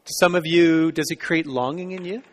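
A male preacher with a slightly high voice, preaching in a church sanctuary. He tells a story and often drops to a hushed tone. A long reverb hangs on every word. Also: steady tone, normal speed. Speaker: pastor. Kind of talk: sermon.

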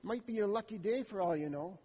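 A man voicing a brisk male bystander in a crowd, who speaks in a raised, coaxing and matter-of-fact way. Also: sits high, lively intonation, mellow, breathy edge. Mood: urging. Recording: long hall reverb.

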